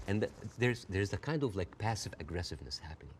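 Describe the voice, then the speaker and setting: A man speaking as an interview guest in a heated debate, animated and quick to push back, often acting out the people he quotes in a raised voice. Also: deep voice, a little hiss or hum. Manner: fast, interrupts and pushes back.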